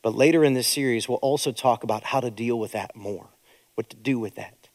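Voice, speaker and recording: A man preaching as a pastor, earnest and consoling, dropping to hushed emphasis. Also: medium pitch, brisk, in a large hall. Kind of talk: sermon.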